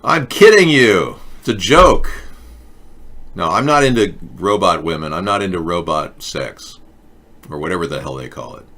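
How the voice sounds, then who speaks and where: A man with a low-pitched, slightly bright voice hosts a live political chat show. He talks sarcastically and mockingly, keeping the satirical conversation casual with a live chat.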